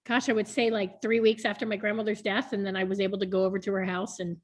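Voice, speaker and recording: A woman's voice: mid-range voice, level tone, fast, a little hiss or hum. Woman in her 30s, casual chat, laughs a lot, plain mid voice. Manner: chatty, laughs often, frank. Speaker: board member being interviewed. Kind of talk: casual video call chat.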